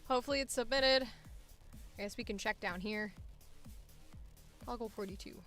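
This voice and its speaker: A woman's voice: on the high side, normal speed, pauses often, soft background music. A young woman voice actor chatting to herself casually while working, muttering at her computer and swearing now and then.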